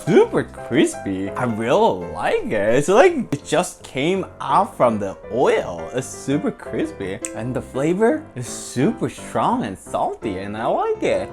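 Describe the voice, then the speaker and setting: A young woman from Korea with a Korean accent, reviewing snacks in an excited vlog with bubbly, squealing exclamations. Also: a bass voice, measured pace, few pauses, music in the background. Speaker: vlogger.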